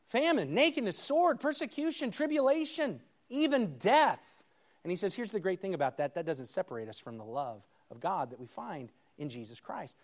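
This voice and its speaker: Animated preacher with lively pitch. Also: male voice. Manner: animated, rising to loud emphatic peaks; reads scripture with slow dramatic emphasis. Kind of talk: sermon with scripture reading.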